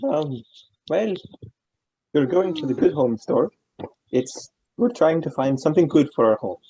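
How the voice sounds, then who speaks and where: Woman putting on a gravelly deadpan vampire man. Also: low-pitched, a little slow, muffled recording, slight background noise, voice pushed down. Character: sullen male vampire, dry bitter humor.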